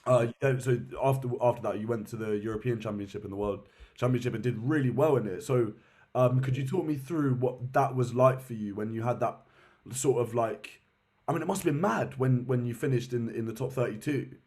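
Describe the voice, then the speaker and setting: A man interviewing a guest, asking relaxed, halting questions. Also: medium pitch. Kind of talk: casual interview.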